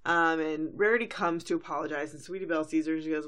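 A woman's voice: sits low, steady tone, fast, fairly bright tone. A woman co-hosting a podcast, recapping a cartoon episode in chatty storytelling, now and then acting out quotes. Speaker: podcast co-host.

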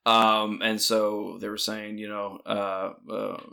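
A man's voice: fairly low pitch, little pitch movement, slow pace, gravelly, pushed and bright. Man, podcast co-host, casual movie talk, rambling, jokey, trips over his words. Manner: rambling, joking, self-interrupting.

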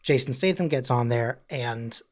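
A man's voice: mid-range voice, moderate pace. A man co-hosting a podcast in casual chat, rambling through stories with many fillers. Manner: rambling storyteller, slips into mock voices and quotes. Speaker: podcast co-host.

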